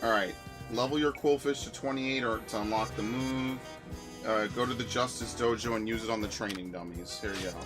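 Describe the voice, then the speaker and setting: A man's voice: fairly low pitch, fairly quick. Man ranting casually over music. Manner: profane, ranting, exasperated. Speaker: streamer. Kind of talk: casual stream chat. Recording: music behind voice.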